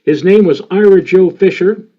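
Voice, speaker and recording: A man in his sixties from the New York area, a meteorologist telling stories in a presentation and filling his pauses with many "uh"s. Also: sits high, mellow. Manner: rambling, with many filler sounds. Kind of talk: storytelling presentation. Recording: dull lo-fi sound.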